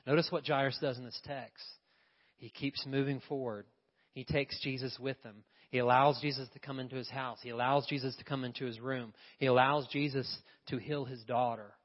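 A male pastor delivers an emphatic sermon at a mid-range pitch, often throwing questions out to his congregation. His voice rings with a long reverb through the church. The recording sounds a bit dull and lo-fi. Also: fairly even intonation, moderate pace. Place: church sanctuary.

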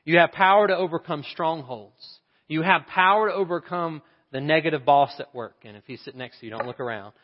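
A man's voice: on the high side, fairly quick, big-room sound, lo-fi sound. A man preaching a sermon in a church, with emphatic rhetorical questions. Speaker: pastor. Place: church sanctuary.

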